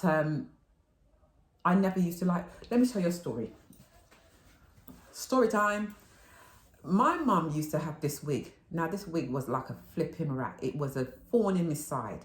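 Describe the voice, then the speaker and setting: A middle-aged woman telling rambling, animated stories in a chatty haul video, swearing and laughing freely. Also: sits low. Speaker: vlogger. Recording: roomy echo.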